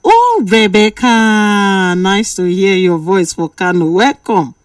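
A woman radio presenter speaking with a Nigerian Pidgin accent, lecturing listeners and bantering with callers in a lively, preachy way. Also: lowish voice, a little slow, no room sound. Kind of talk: call-in radio talk.

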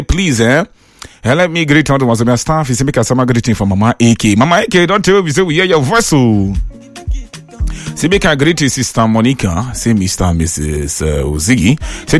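Lively man hosting radio in Pidgin. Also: a little high, no echo. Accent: Nigerian Pidgin English. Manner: animated, reading out listener messages. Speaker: radio host. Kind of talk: radio call-in show hosting. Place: radio studio.

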